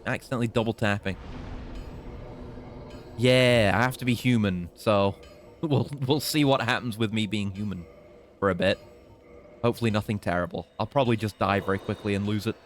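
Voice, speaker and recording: A man's voice: lowish voice, normal speed, pauses often, faint music behind. A young British man giving casual, chatty commentary while streaming a game, swearing and teasing enemies. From Britain.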